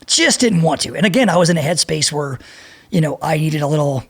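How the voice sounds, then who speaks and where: A middle-aged man telling a profane, animated story as a podcast guest and acting out the people in it. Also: fairly high pitch, brisk, slightly rough. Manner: profane, animated, acts out voices in his anecdote. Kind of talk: storytelling in a casual interview.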